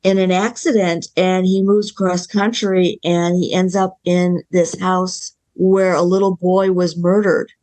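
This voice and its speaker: A woman filmmaker answering interview questions in a thoughtful, halting way, with frequent restarts and ums. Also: on the low side, flat delivery, a little mellow. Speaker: filmmaker guest.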